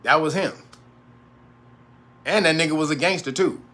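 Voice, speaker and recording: A man's voice: a little high, moderate pace, bright, forceful tone. A man hosting a casual livestream monologue, rambling and profane, laughing often between remarks. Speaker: host.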